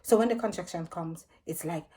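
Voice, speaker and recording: A woman's voice: on the low side, fairly quick. A young woman, possibly, casually telling a personal story and acting out what she and others said. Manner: animated retelling, acting out her own cries and others' lines. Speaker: vlogger.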